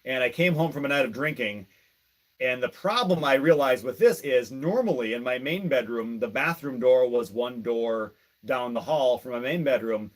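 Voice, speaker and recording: A man hosting a podcast at a mid pitch. He tells embarrassing stories about himself at a measured pace, poking fun at his own past. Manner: measured, self-mocking storyteller. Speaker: podcast host. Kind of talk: casual chat.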